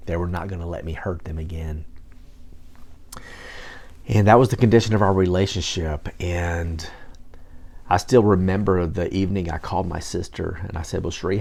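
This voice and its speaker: A man preaching, telling his own story in an earnest, emotional way, sometimes dropping to a hushed voice. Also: deep voice. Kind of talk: testimony sermon.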